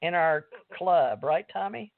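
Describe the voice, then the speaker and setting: A woman's voice: on the low side, lively intonation, slow pace, creaky, no echo. A woman hosting an online talk radio show, rambling casually with many fillers and calling her listeners folks. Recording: tinny dry phone-line audio.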